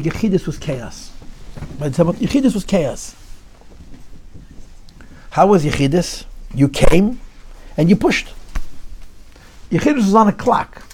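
A man telling a Chassidic story to an audience in an animated, repetitive storytelling manner. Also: high-pitched, moderate pace, pauses often, slight background noise. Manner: animated storyteller, repeats phrases, drops into Yiddish.

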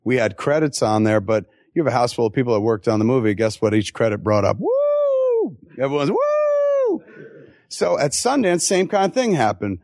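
A man's voice: medium pitch, dry recording. Guy at a live q&a, swearing a lot, acting out what people said, dry close sound. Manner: animated, profane, quick asides and acted-out quotes. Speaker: filmmaker answering audience questions. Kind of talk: live Q&A storytelling.

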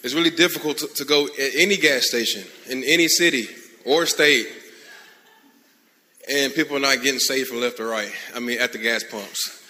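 A man sharing a casual testimony in church, chatty and relaxed. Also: medium pitch, moderate pace. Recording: reverberant church hall with faint noise.

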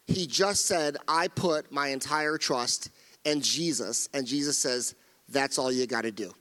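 A man's voice: mid-range voice, unhurried, pushed and bright, long reverb tail. A middle-aged male pastor preaching a sermon, earnest and emphatic, often repeating phrases and restarting his sentences. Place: church sanctuary.

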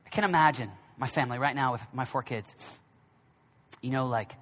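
A man in his thirties preaching a sermon, dropping to a near whisper and then rising to shouts. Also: mid-range voice, fairly quick. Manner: swings from hushed, near-whispered reflection to loud, shouted exhortation. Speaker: pastor. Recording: long reverb of a large hall.

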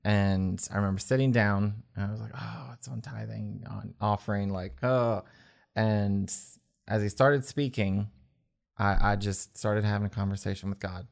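A man telling his personal faith story in an earnest, halting way, with many restarts. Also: fairly low pitch, steady tone, gravelly. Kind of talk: personal testimony in conversation. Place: indoors at a table.

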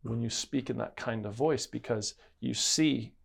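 A man's voice: medium pitch, unhurried, creaky. A man co-hosting a casual Bible-study chat, telling a story earnestly. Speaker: co-host.

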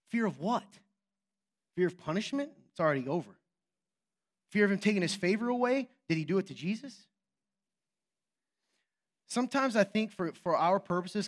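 A man in his thirties preaching a sermon as pastor, telling a story with swings between hushed and loud delivery. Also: sits high.

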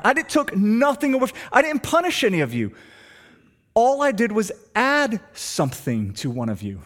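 A middle-aged man, preaching a sermon and telling stories, swinging between hushed and emphatic delivery. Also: high-pitched, moderate pace. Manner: animated storytelling, shifts between hushed and emphatic. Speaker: pastor.

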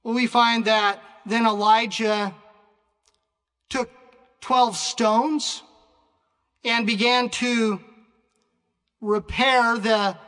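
A man preaching a sermon in a slow, deliberate way, with frequent pauses and restarts. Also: very high voice, fairly even intonation, a bit bright, clear, resonant tone. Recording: long reverb of a large hall.

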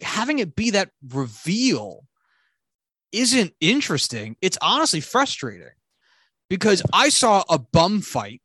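Male podcast co-host, lively swinging delivery, rambling and profane, dry sound. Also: high voice, no room sound. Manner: rambling, profane, animated retelling. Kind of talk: casual movie review chat.

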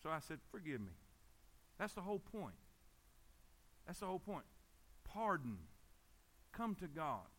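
A man's voice: high-pitched, sing-song, measured pace, long pauses, a bit bright. A man preaching a sermon, emphatic and repetitive, often calling out for amens. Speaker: pastor.

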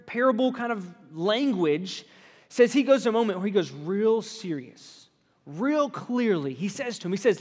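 A man preaching a conversational sermon to a group, lively and often checking in with his listeners. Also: high voice. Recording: long hall reverb.

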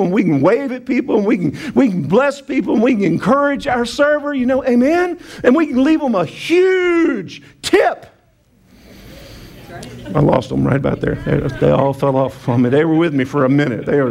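A man's voice: high-pitched, gravelly, darkish tone, slightly rough. A male pastor delivering a sermon, playful and self-mocking, calling for responses from the congregation and often restarting his sentences.

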